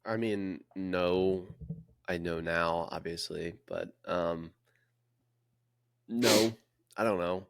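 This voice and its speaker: A man with a very low voice gives his opinions in a laid-back podcast chat. His voice is recorded dry and close, with no room sound, and he clears his throat now and then. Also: fairly even intonation, slow pace, pauses often, no echo. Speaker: podcast co-host.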